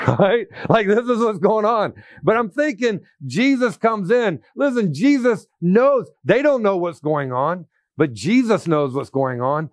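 A man preaching a sermon as pastor, animated, acting out scripture quotes in different voices and laughing now and then. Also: high-pitched, no echo, clean studio sound.

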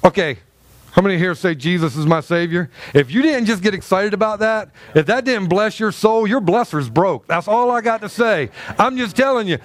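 A high-voiced male pastor delivers an emphatic sermon. He stumbles through fillers and restarts and keeps calling out to his congregation. His voice sounds close and dry. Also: animated, moderate pace, dry recording.

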